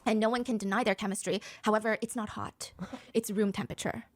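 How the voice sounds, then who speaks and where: A woman hosting a reaction show, telling a comedic recap with sassy, animated jokes. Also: medium pitch, fast talker, no room sound, clean studio sound.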